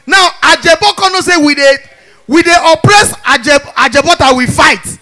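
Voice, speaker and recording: A young Nigerian man doing stand-up comedy in pidgin, telling stories with animated voices and sudden shouts. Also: extremely high pitch, moderate pace.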